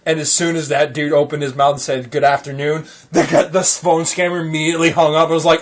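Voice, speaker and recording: Male host, higher-pitched, giggly and rambling, casual. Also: steady tone, fairly quick, few pauses, very noisy. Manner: laughs often, rambling joking storyteller. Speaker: podcast host. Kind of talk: casual chat.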